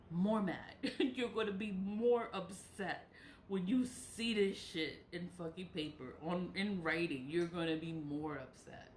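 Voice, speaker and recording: Speaking straight to camera in a casual monologue, a nonprofit director delivers spiritual warnings, repeating them for emphasis, swearing freely and laughing between points. Her voice is medium-pitched and reverberant, with slight background noise.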